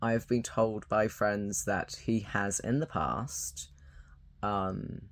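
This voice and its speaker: A young man talking to camera with hesitant, halting speech, full of fillers and restarts. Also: fairly low pitch, fairly even intonation, dry recording. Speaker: YouTuber. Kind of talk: unscripted talking-to-camera commentary.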